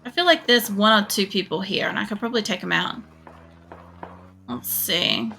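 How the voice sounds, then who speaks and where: A woman's voice: mid-range voice, sing-song, moderate pace, sharp tone, slight background noise. An Australian woman streaming a game, chatting casually in a rambling way, swearing often and filling gaps with fillers. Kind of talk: casual gameplay chat.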